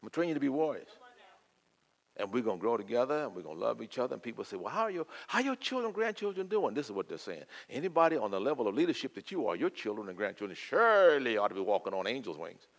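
An older man preaching a sermon, swinging from loud, fervent declaiming to quiet, intimate asides. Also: fairly low pitch, very animated, racing.

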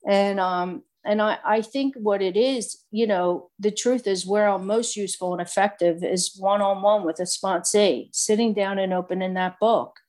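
A woman's voice: medium pitch, normal speed, hardly any pauses, a little mellow. A middle-aged woman giving a candid, rambling personal testimony full of fillers. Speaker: speaker sharing recovery story.

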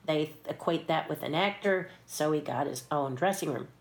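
A woman telling backstage stories in a relaxed interview, her voice sitting a touch low. She keeps it lively and animated, jumping into little acted-out voices and laughing along the way. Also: moderate pace. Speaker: puppeteer and stunt performer, interview guest. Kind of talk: casual anecdotal storytelling.

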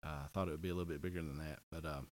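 A middle-aged man chats casually on a podcast, rambling, correcting himself and cracking jokes as he goes. He has a bass voice with a steady tone and talks very fast.

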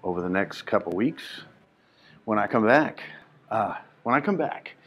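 A man's voice: on the low side, expressive, moderate pace. A man hosting his own show, chatting casually and keeping his voice down in a club lobby while a show goes on, talking into a phone he is filming with. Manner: hushed, rambling, chatty. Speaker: comedian and show host. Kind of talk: casual chat.

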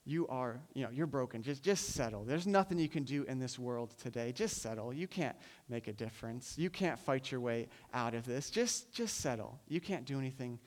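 A man voicing a lying enemy spirit, who talks low and hushed to taunt and wear down. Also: lively intonation, moderate pace, hardly any pauses, close to an everyday voice. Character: lying male enemy spirit whispering despair.

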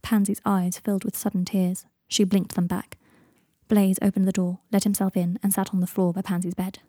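A woman reading fan fiction aloud in a soft, hushed manner with a gravelly, husky voice. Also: medium pitch, flat delivery, moderate pace, no echo, clean studio sound. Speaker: audiobook reader.

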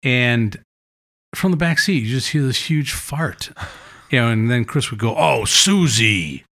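As a guest in a casual storytelling chat, a man shares funny family stories, acting out the lines of the people in them. His mid-range voice keeps a measured pace through these animated anecdotes.

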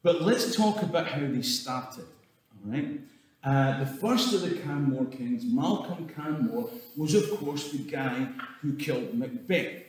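A man's voice: mid-range voice, lively intonation, takes it slowly, far from the mic. Irreverent Scottish man in an echoey hall. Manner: irreverent, swearing, chuckling asides. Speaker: storyteller. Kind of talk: comic history talk.

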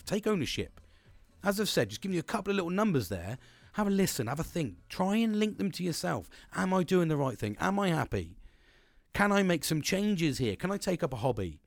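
A man's voice: high-pitched, creaky, dry recording. A man in his thirties hosting a solo motivational podcast, talking energetically, rambling and swearing often. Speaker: podcast host.

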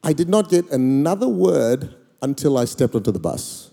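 A middle-aged Australian man preaching a storytelling sermon, animated, acting out conversations and shouting his exhortations. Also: mid-range voice, moderate pace, gravelly, a little hiss or hum. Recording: echoey hall reverb.

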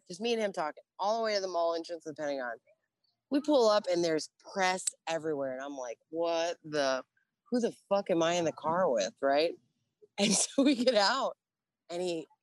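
A middle-aged woman, a Navy veteran, telling her story in a casual, profane, animated way and acting out the dialogue. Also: mid-range voice, no echo. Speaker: interview guest, Navy veteran.

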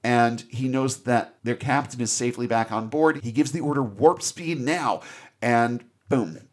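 A man giving a casual, animated movie recap as a podcast host, with free swearing. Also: medium pitch, moderate pace. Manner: animated storyteller, swears freely.

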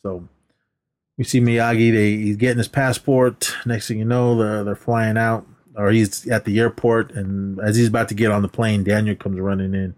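A man's voice: fairly low pitch, flat delivery, normal speed, darkish tone. A man co-hosting a podcast, casually retelling a movie's plot in a rambling way and slipping into quoted lines. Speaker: podcast co-host. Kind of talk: casual movie recap chat.

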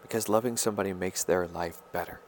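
Halting, soul-searching man with a low voice. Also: steady tone, a little hiss or hum. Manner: halting, stammering, self-searching. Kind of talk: rambling personal monologue.

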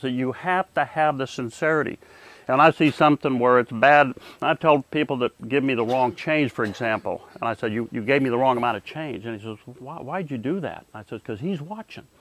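An older man, a Vietnam veteran, telling his near-death experience in an earnest, halting way with many restarts. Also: mid-range voice, dry recording. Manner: earnest, halting, frequent repeated starts. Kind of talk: personal testimony.

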